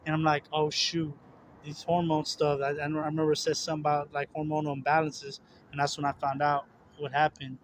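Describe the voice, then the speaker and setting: Slight background noise sits under this young man's fast, monotone, fairly high voice. As a religious video host, he confesses his spiritual struggles in an earnest, casual ramble, often repeating words, using fillers, and starting over.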